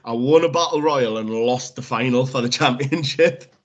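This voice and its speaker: A man's voice: mid-range voice, moderate pace, muffled recording. Storytelling man, swearing freely. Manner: lively storyteller, swears freely, acts out quotes. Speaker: wrestler guest. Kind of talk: casual podcast chat.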